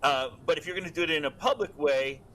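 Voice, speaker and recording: A man's voice: fairly high pitch, fast talker, a bit bright, a little hiss or hum, poor audio. A man as a guest expert, explaining points with stammering restarts. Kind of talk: casual interview.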